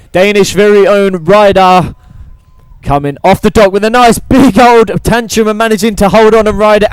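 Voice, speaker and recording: At an outdoor cable wakeboard park, a male event commentator gives lively play-by-play and calls out trick names. He has a high, clear, resonant voice; there's no echo, but the recording quality is rough.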